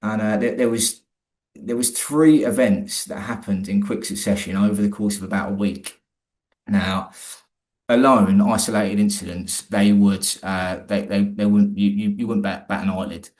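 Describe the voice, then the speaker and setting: A man's voice: lowish voice, fairly even intonation, normal speed, a little mellow. A man, a guest in an interview, telling a personal story in a rambling, colloquial way with many restarts.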